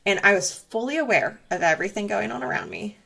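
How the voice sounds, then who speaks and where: A woman's voice: mid-range voice, lively intonation, fast, creaky, a crowd in the background. A young woman, a guest in an interview, telling a personal story in a candid, reflective way with frequent fillers.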